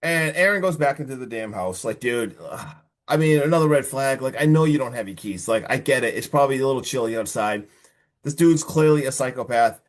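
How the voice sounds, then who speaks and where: A man hosting a casual podcast film review, retelling the plot in an excitable, slangy way and acting out the characters. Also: medium pitch, brisk. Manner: animated retelling, acts out the characters. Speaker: podcast host.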